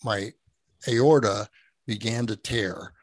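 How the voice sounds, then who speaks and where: A middle-aged man, a podcast guest, telling a personal story in a casual, animated way, laughing often and acting out quoted speech. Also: lowish voice, slow, dry recording.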